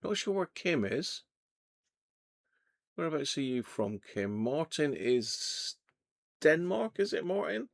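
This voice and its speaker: Chatty man, gravelly voice. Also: on the high side, sing-song, slow, long pauses. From Devon, England. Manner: chatty, jokey, reads out viewer comments. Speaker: livestream host. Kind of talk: casual live chat. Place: home radio workshop.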